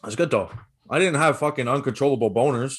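A man's voice: mid-range voice, fast talker, breathy edge. A man hosting a casual podcast, swearing freely and laughing as he recaps a movie. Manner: loose and profane, laughs often. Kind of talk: casual chat.

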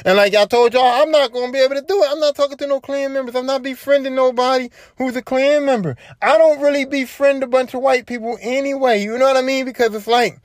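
A man's voice: very high-pitched, steady tone, fast talker, few pauses, no echo, studio quality. A young man, retelling a story on his podcast and acting out what other people said. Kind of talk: casual storytelling monologue. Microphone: home podcast mic.

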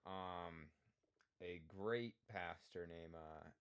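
A man co-hosting a comedy podcast in casual chat, offhand and deadpan. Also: low-pitched, very slow. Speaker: podcast co-host.

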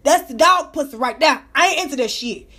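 A woman telling a story casually, animated and full of profanity. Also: high-pitched, fairly quick. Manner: profane, animated, breaks into laughter.

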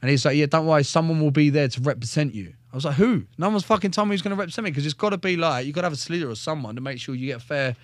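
Racing along with few pauses, a young former soldier tells his story on a casual podcast in a slightly high voice, blunt, animated and heavily profane. No room sound colors the recording.

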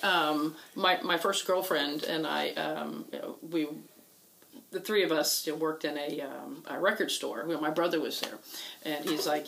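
A woman telling a personal story in casual conversation, halting with many fillers and restarts. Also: low-pitched, gravelly, fairly bright tone, poor audio. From Texas. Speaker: guest telling a coming-out story.

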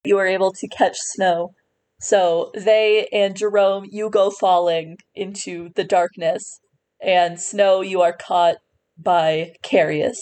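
A woman's voice: mid-range voice, fairly even intonation, slow, darkish tone. A woman running a tabletop game as game master, narrating scenes with fillers and restarts.

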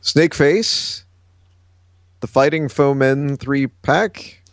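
Relaxed man reading news notes, dry sound. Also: medium pitch, extremely slow, no echo. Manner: relaxed, reads from notes with frequent uh fillers. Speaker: podcast co-host reading the news. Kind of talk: casual podcast chat.

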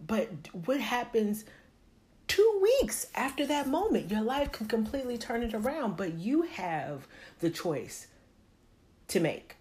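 A woman vlogger giving a casual motivational monologue, candid and profane, rambling, with bursts into high excited tones.

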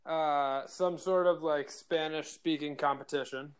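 A man's voice: a little high, fairly even intonation, unhurried, clear, resonant tone. A man, a teacher, chatting casually on a school podcast and rambling as he corrects himself.

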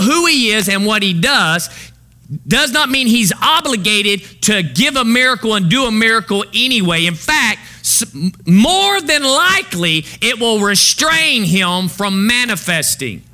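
A man, a pastor, preaching a sermon and pausing to ask the congregation to fill in the missing word. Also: high voice, bright, forceful tone.

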